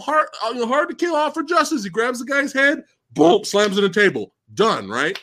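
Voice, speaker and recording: A man hosting a live-stream movie discussion who rants in an excitable, incredulous, profane way. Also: extremely high pitch, normal speed, few pauses. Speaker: host.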